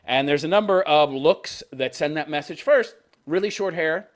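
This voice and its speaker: A man's voice: on the high side, normal speed. A man in his fifties reading a news story aloud and mocking it with crude, sarcastic jokes, laughing at his own lines. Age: 50s. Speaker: commentary channel host.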